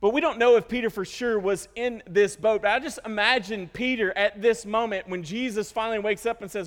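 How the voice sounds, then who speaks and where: A male pastor preaching a sermon, with animated storytelling, self-interruptions and joking asides. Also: high-pitched, fairly quick, hardly any pauses. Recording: long hall reverb.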